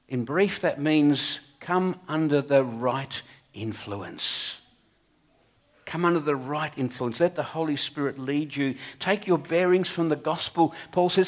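A man preaching a sermon in an earnest way, swinging between emphatic peaks and quiet, low passages. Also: expressive, a little slow.

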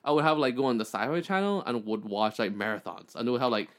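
A young adult man joins a casual podcast conversation. His voice is mid-pitched, and he rambles through anecdotes with a joking tone and plenty of false starts. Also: fast. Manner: rambling, joking, full of fillers. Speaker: podcast guest. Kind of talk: casual chat.

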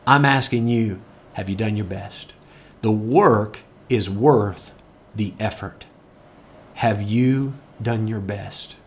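A man preaching a sermon, telling a story earnestly and repeating key phrases for emphasis. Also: mid-range voice. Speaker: pastor.

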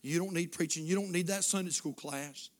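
A man voicing the devil as a quiet, coaxing tempter. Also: a little high, brisk, lightly acted. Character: sly tempting devil, male.

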